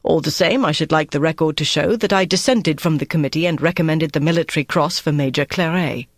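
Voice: mid-range voice, a little fast, dry recording, clean studio sound, natural voice. A reader voicing a stubborn, patient committee man.

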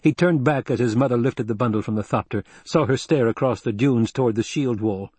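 A man giving steady, measured audiobook narration, recorded close on a studio mic. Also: medium pitch, husky, dry recording.

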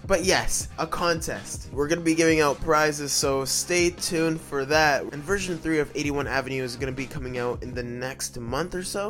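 A podcast host with a somewhat high, slightly bright male voice tells rambling stories on a casual show. He laughs often as he talks.

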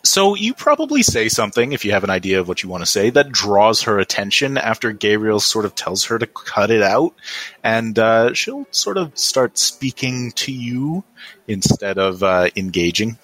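A man narrating and running a tabletop role-playing game, easygoing and halting, with many fillers. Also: lowish voice, sing-song, a bit bright, no echo. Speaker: game master.

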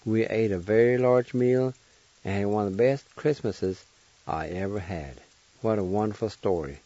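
A radio host with a low, mellow voice reads in a calm, measured way. The sound is dull and lo-fi. His tone stays even and unhurried. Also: no echo. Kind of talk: reading a story and thanking a caller.

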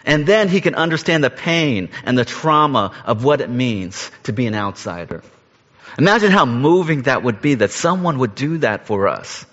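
A man preaching a sermon, earnest, rising to stress points and dropping soft. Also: mid-range voice, long reverb tail, dull audio. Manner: earnest, rises to emphasis then drops soft. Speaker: pastor.

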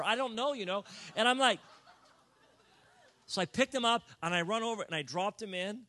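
A man telling a comic personal story in a sermon, animated and building to near-shouts. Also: very high voice, a little fast.

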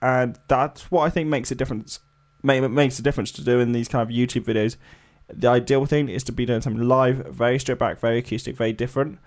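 A man's voice: medium pitch, fairly even intonation, quick pace, few pauses. A man co-hosting a casual music podcast, rambling with lots of fillers. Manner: rambling, many fillers and hedges. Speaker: podcast co-host. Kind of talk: casual chat.

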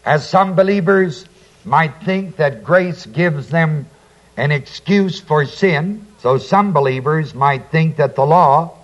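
A preacher with a slightly high voice teaches a Bible passage verse by verse, recorded with the highs cut off. Slow and deliberate, he reads scripture aloud, then explains it, and asks listeners to fill in key words.

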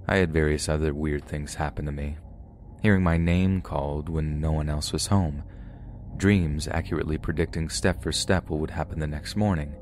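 A man reading a first-person scary story as a narrator, grave and steady. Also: extremely low pitch, slight background noise. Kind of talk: scripted horror story narration.

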